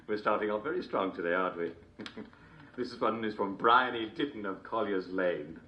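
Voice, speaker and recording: A man's voice: lowish voice, normal speed, lo-fi sound, slight background noise, lightly acted. A man playing a jovial, constantly chuckling TV host, mock-cheerful and smarmy. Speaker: show host. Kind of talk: comedic character monologue.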